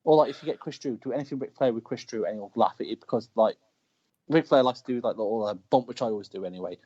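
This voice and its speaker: Fast-talking British wrestler, lo-fi sound. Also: male voice, medium pitch, husky. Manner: animated, shouts quoted lines mid-story. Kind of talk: casual storytelling chat. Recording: dull lo-fi call audio.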